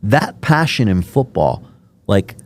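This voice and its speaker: A man's voice: fairly low pitch, big pitch swings, slow, darkish tone, a little hiss or hum. A man from Miami hosting a podcast interview, telling rambling, enthusiastic stories with many fillers. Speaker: podcast host. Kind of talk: casual interview chat.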